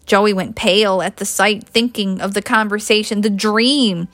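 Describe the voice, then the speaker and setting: A woman, a published author, reading an audiobook aloud in a lively, expressive way. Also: medium pitch, normal speed, no room sound. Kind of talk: audiobook narration.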